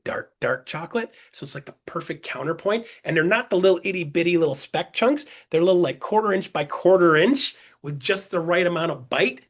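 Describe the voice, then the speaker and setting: Husky, upbeat man coaching online. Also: a little high, fairly bright tone. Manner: jokey and upbeat, peppers points with "right?" and "guys"; acts out buyer and seller dialogue in quick back-and-forth. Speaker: webinar presenter and business coach. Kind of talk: casual coaching talk to an online audience.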